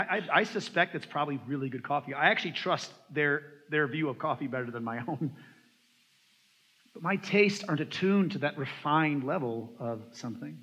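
A man preaches a sermon in a high, bright, slightly husky voice, switching into quoted voices as he tells his stories. The sound is dull and lo-fi, and it rings out in a long hall reverb. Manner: animated storytelling, acts out quoted voices. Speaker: pastor.

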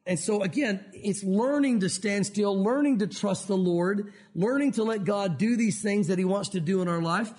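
High-voiced pastor preaching in church. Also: male voice, moderate pace, few pauses. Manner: animated, acts out quotes from scripture. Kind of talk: sermon.

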